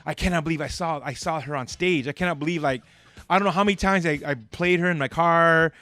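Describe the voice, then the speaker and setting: A man's voice: fairly high pitch, quick pace, sharp tone, clear, resonant tone, dry recording. A man hosting a radio interview, rambling and eager as he tells stories as a longtime fan. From Southern California. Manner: enthusiastic fan, rambling with many restarts. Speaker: radio DJ, host.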